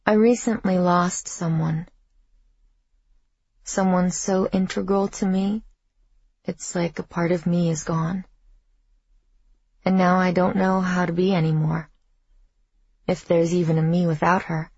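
A woman reading a first-person audiobook in a measured, reflective way, with a husky voice. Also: on the low side, level tone, a little mellow, dry recording, lo-fi sound. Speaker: audiobook narrator.

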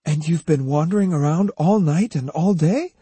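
A gentle, caring young woman from an audiobook, her voice lifted noticeably higher than ordinary talk, as a man reads her part. She sounds soft and earnest, with a husky, dark grain and dry, close sound. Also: normal speed, dry recording. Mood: gentle concern. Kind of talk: audiobook character voice.

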